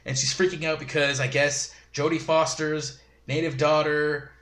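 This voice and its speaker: A man's voice: fairly high pitch, flat delivery, normal speed, a bit bright. A man giving a rambling, casual episode recap, full of fillers and chuckling asides. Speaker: show reviewer. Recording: roomy echo.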